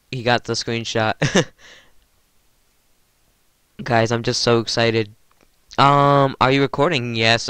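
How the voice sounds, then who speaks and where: A man hosting his gaming channel, giving excited gameplay commentary, giddy and stammering, addressing his viewers as guys. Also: mid-range voice, clean tone, no room sound.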